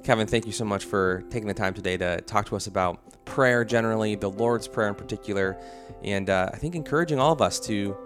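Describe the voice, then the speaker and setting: A man hosting a podcast, asking questions and reading the outro in a measured, conversational way. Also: fairly low pitch. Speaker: podcast host. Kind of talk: interview and outro. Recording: music underneath.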